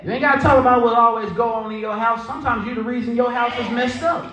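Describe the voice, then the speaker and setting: A man preaching a sermon as pastor, telling a story and building to shouts, with a Southern US accent. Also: extremely high pitch, fast, background noise. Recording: echoey church hall.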